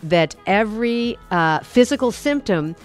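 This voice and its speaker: Gentle woman talk show host. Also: mid-range voice, animated, unhurried, soft background music. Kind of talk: radio talk show hosting.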